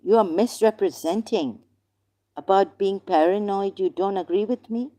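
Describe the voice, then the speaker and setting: Female streamer, heated debate, repetitive and insistent, mid pitch. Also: normal speed, dark tone. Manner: insistent, repeats herself, cuts in to object. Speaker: livestream host. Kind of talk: heated live-stream argument with a caller.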